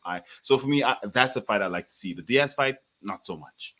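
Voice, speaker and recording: A man co-hosting a casual fight-sports podcast, giving his views in a measured way and laughing mid-sentence. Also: mid-range voice, fairly bright tone. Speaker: podcast co-host. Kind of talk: casual MMA chat.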